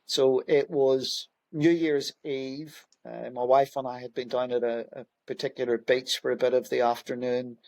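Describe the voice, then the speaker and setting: A middle-aged man serving as a police commissioner recounts stories in a relaxed interview. He speaks in an easy, rambling way, full of fillers and restarts, with a mid-range voice. The recording is dry and close, with no room sound. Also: mid-range voice, normal speed, gravelly, hardly any pauses, no room sound. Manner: conversational, frequent fillers and restarts. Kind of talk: anecdotal interview storytelling.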